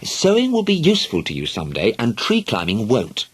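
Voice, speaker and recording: A man putting on a sharp, bossy mother. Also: lowish voice, wildly swooping pitch, moderate pace, slightly rough, pitched above the performer's own voice, full character voice. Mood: brisk, scolding. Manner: sharp, sarcastic.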